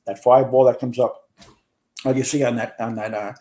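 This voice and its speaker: A retired fire chief in his sixties, appearing as a podcast guest, earnestly relives a big fire in close detail. He speaks briskly with a steady, dark, medium-pitched voice.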